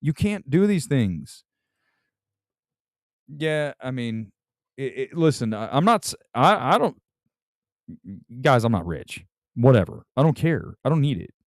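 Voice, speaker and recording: A man's voice: mid-range voice, measured pace, pauses often, no echo, clean studio sound. A man hosting a talk show, ranting in rambling, sarcastic casual chat. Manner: rambling, animated rants with sarcastic asides. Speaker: podcast host.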